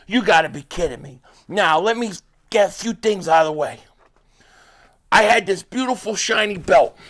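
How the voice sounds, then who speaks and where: A man delivering a loud, profane fan rant, shouting often. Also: sits high, creaky. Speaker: sports fan commentator.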